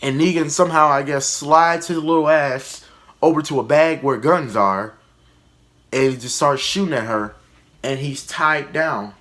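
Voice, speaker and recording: A man's voice: fairly high pitch, a little slow, fairly bright tone. A man doing a casual comedy review vlog about a TV show, blunt, profane and sarcastic.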